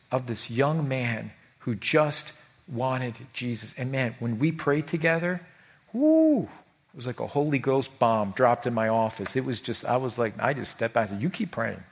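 A husky-voiced man preaching a heartfelt sermon. He talks earnestly, stumbles and repeats words as he goes, and moves between hushed, tender stretches and raised, urgent ones. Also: medium pitch. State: emotional. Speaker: pastor.

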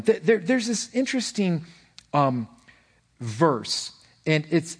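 A pastor delivers a conversational sermon, his voice on the high side. He tells stories with an animated delivery and often restarts his sentences.

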